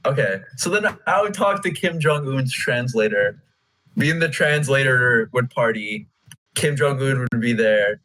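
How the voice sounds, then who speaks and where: A man's voice: medium pitch, animated, a little slow, bright, forceful tone, rough recording. A young man co-hosting a casual podcast, jokey and stumbling over his words. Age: teens or young adult. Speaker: podcast co-host. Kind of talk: casual chat.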